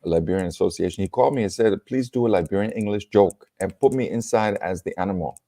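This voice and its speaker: Man, German accent, lowish voice, animated storyteller, laughs a lot, video call. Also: fast. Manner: animated, laughs often, acts out quotes. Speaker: comedian and storyteller. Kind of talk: casual storytelling chat.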